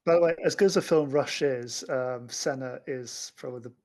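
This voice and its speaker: Gravelly man rambling about films. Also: mid-range voice, normal speed, darkish tone, slight background noise. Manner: rambling, many fillers and restarts. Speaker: podcast co-host. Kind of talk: casual film chat.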